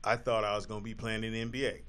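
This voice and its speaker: A man's voice: fairly low pitch, little pitch movement, racing, a bit bright. A man in his forties hosting a talk show, telling funny stories with teasing and laughter. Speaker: radio talk show host. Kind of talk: comedic storytelling on a talk show.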